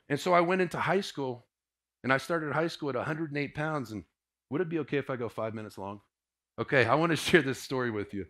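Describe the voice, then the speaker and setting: A man in his forties from Indiana telling a personal testimony to a live audience, swinging from hushed to booming as he tells it. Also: fast talker. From Indiana, USA. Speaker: motivational speaker.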